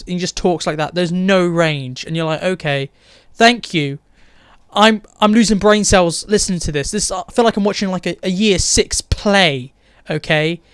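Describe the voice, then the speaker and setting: A man's voice: high-pitched, clear, resonant tone, dry recording, studio quality. A man giving a blunt, opinionated and sarcastic casual review of a TV episode. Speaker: TV show reviewer.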